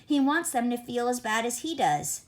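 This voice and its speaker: A woman's voice: fairly high pitch, expressive, normal speed, lightly acted. A woman reading an earnest, intense male teacher. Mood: furious. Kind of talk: audiobook character reading.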